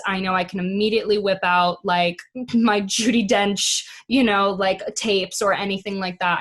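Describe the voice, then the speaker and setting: A woman speaking as an actress guest in a casual interview, chatty, with many fillers and easy laughs. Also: medium pitch. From United States.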